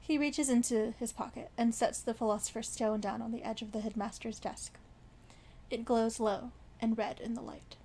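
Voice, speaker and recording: A young woman softly reading a fan fiction story aloud, with small slips and restarts. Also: fairly high pitch, steady tone, moderate pace. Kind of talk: read-aloud story narration.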